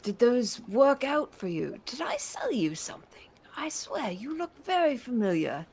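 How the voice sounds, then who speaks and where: A woman's voice: on the high side, big pitch swings, unhurried, darkish tone, voice pushed up, heavily acted. Woman doing a polite old dragonborn shopkeeper. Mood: cheery welcome. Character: older male dragonborn shopkeeper, polite and fussy.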